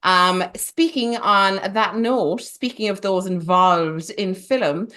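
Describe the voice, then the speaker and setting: A woman's voice: medium pitch, slow pace, a bit bright. A woman hosting a casual film podcast, playful and teasing, with theatrical asides. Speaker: podcast host.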